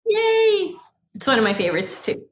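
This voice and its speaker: A woman psychotherapist in her thirties, a guest in a conversational interview, talking in an animated way with lots of "like" fillers and frequent laughs. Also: high-pitched, moderate pace.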